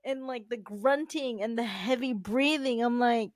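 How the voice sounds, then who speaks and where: Animated woman podcast co-host. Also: a little high, a little slow, few pauses, no room sound, studio quality. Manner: animated, laughs often, swears casually. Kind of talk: casual chat.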